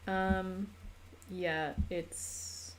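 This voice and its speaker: A woman's voice: on the low side, level tone, very slow, faint music behind. An American woman streaming casually at home, chatting and laughing with viewers and her pets while she draws a map. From United States. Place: home room.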